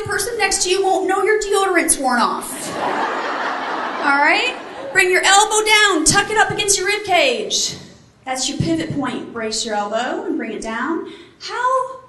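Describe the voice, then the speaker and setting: A woman giving a motivational keynote, telling a personal story to a live audience with animated, playful delivery and acted-out quotes. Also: high voice, reverberant, far from the mic, noisy background. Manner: animated, acts out quotes, jokes with the crowd. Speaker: motivational speaker.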